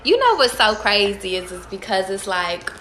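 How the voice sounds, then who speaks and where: A woman's voice: mid-range voice, sing-song, normal speed, pushed and bright, reverberant, slight background noise. A woman giving casual tarot readings to her viewers, talking emphatically with lots of profanity, repeating and restarting her phrases. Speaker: tarot reader.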